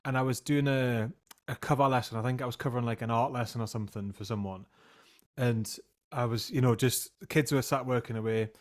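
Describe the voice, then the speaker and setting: A man in his thirties hosts a podcast in relaxed chat. He tells stories against himself at a mid pitch and laughs easily. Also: fairly quick. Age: 30s. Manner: self-mocking anecdotes, laughs often. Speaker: podcast host and music teacher. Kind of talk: casual chat.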